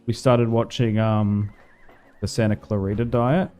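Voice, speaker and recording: A man's voice: fairly low pitch, steady tone, unhurried, a little mellow, smooth, faint music behind. A young Australian man chatting casually and rambling while streaming a game. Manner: rambling, laid-back, slangy. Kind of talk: casual livestream chat over gameplay.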